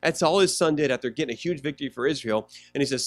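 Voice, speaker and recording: A man's voice: medium pitch, quick pace, no echo. A male pastor preaching a sermon in a conversational way, often asking the congregation questions.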